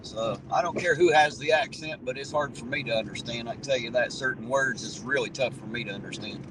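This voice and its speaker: Speaking a little fast in a medium-pitched voice, this livestream host chats casually from the driver's seat as he drives. His talk is folksy and meandering, broken up by viewer comments he reads out, with car road noise in the background.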